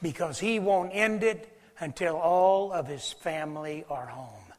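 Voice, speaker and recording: A man's voice: sits high, unhurried. Preaching man in a reverberant church. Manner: swings from loud preaching to hushed near-whispers. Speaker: pastor. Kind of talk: sermon. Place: church sanctuary.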